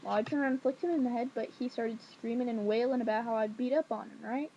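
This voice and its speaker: A young woman vlogging from home at night, telling a childhood story in a rambling, sassy, animated way. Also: on the high side, quick pace, a little hiss or hum. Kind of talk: casual storytelling to camera. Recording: dull lo-fi webcam audio.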